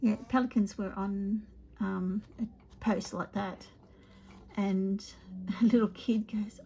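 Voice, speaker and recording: A woman demonstrating card making in a chatty way, often dropping to a soft half-whisper as she works. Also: mid-range voice, steady tone, unhurried, slight background noise. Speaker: papercraft demonstrator. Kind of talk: chatty craft tutorial.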